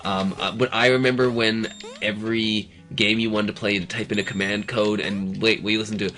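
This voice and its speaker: A man's voice: on the low side, level tone, fairly quick, bright, forceful tone, soft background music. A man rambling and joking through casual banter while his friend plays a video game. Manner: rambling, joking, laughs a lot. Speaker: co-host of a gaming show.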